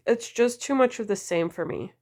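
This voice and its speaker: A woman vlogger chatting casually about nail polish, gushing and full of fillers, her voice deepened and a bit slurred from a cold. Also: expressive, normal speed, darkish tone. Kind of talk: casual wishlist chat.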